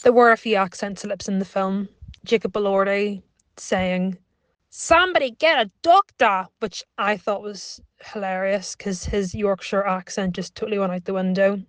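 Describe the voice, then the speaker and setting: A woman's voice: medium pitch, little pitch movement, normal speed, no echo. A woman co-hosting a podcast, giving a casual, wry film review in a cinema lobby, recorded on a small phone microphone. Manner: chatty, wry, amused. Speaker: podcast co-host.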